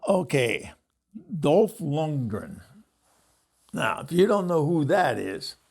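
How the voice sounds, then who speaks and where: Gravelly older man telling stories. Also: mid-range voice. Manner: rambling, laughs often, acts out quoted voices. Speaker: host. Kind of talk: casual storytelling monologue.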